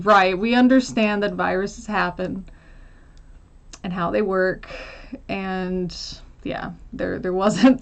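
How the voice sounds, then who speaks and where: A woman's voice: medium pitch, highs cut off. An American woman casually chatting on a livestream, answering viewer questions with frequent laughs and fillers. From United States. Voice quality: chatty, laughs often, many fillers and trailing asides. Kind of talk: casual chat.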